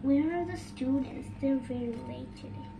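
A woman's voice: high-pitched, normal speed, creaky, over music. A woman narrating a pretend-school play session, switching between a teacher and her pupils. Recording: noisy home recording.

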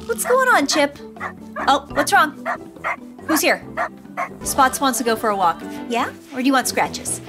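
Woman, gaming commentary, high voice, very animated, sweet baby talk, game music behind. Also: unhurried, pauses often. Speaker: gaming YouTuber. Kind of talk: let's play commentary.

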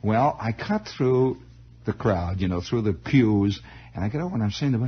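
A man telling a long story on the radio in an improvised monologue, rambling and halting, with many restarts. It is a 1960s radio broadcast. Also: on the low side, lively intonation, husky, highs cut off.

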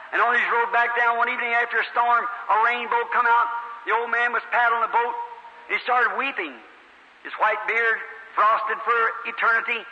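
Fervent preacher in an echoey hall. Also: male voice, high-pitched, pushed and bright. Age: 40s. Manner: fervent, storytelling, voices the people in his stories. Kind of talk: revival sermon. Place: large meeting hall. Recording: echoey hall on old lo-fi tape.

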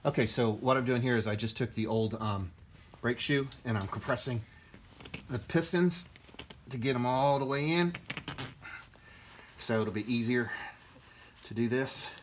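A man's voice: mid-range voice, heavy background noise. A man hosting a do-it-yourself car repair video, narrating casually and chatting to himself with jokey asides as he works in a garage. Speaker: DIY car repair host. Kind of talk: casual how-to narration while working.

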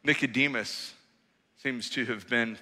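A man preaching a sermon in a church, telling the story with lively, acted-out quotes. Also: mid-range voice, measured pace, big-room sound. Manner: animated storytelling, acts out quoted voices. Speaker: pastor. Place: church auditorium.

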